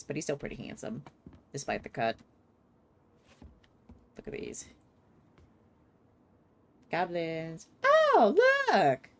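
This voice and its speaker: Low-voiced, animated woman game streamer. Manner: expressive, swears often, laughs readily. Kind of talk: casual live gameplay commentary.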